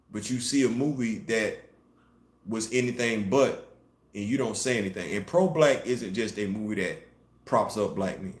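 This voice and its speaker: Emphatic man, roomy echo. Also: on the low side. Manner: animated, emphatic, rising to loud peaks. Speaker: host. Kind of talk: casual commentary show.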